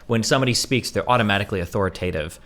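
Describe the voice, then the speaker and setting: A man's voice: on the low side, racing, a bit bright. A man streaming, casually debating and teasing his guest with sarcastic, provocative banter.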